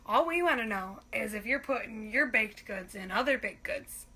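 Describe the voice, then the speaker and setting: A woman's voice: on the high side, lively intonation, moderate pace, bright, forceful tone, slightly rough. A young woman telling a casual comic monologue, swearing freely and acting out her own thoughts. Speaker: comedian.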